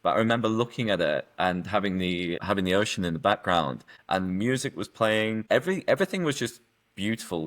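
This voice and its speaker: Earnest man, low voice. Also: animated, fairly bright tone. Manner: earnest, emotional, halting restarts. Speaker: guest. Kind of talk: candid personal story.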